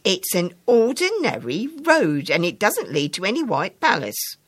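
A stubborn little girl insists on the plain facts in a firm, no-nonsense way, as a woman reading aloud puts her on. The voice sits a touch higher than the reader's own deep tone, and it is spoken louder. This is storybook reading. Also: big pitch swings, unhurried, husky, dry recording, studio quality. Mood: insistent. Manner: matter-of-fact, firm.

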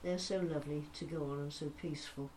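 Warm-voiced older woman chatting to listeners. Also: low-pitched, steady tone, fast talker, a little hiss or hum. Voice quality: fond, nostalgic, gently humorous. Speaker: talking newspaper presenter. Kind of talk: casual chat to listeners.

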